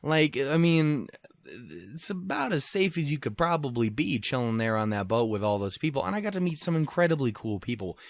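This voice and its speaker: A man's voice: mid-range voice, big pitch swings, moderate pace, gravelly. A man hosting a podcast alone, telling a rambling, profane, self-deprecating travel story in casual chat. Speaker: podcast host. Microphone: podcast microphone.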